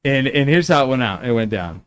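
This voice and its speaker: Male podcast host, lively chatty storyteller, mid-pitched, easygoing. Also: a little fast, clean tone. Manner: animated storyteller, many fillers and restarts. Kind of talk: casual chat.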